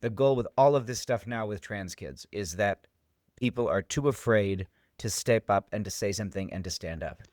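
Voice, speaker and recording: A man's voice: fairly low pitch, moderate pace, darkish tone, no room sound, clean studio sound. An American man co-hosting a podcast, talking emphatically and stressing key words. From Massachusetts, USA. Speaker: podcast co-host. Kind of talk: casual discussion.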